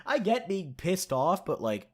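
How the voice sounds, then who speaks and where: A man's voice: high voice, big pitch swings, measured pace. Young male YouTuber, congested and a bit sore-throated, casual profane storytime. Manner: profane, rambling, chuckles often. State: stuffed-up nose and sore throat.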